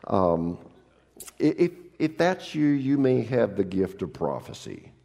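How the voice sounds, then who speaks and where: Gravelly-voiced pastor preaching a sermon. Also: male voice, lowish voice, sing-song, slow, dark tone, big-room sound. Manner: humorous, acts out quoted people in raised voices. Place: church.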